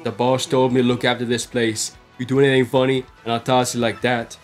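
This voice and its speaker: A man voicing a new, muscular male gangster bouncer in a game, making loud, blustering threats. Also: medium pitch, little pitch movement, a little fast, soft background music, lightly acted. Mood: threatening.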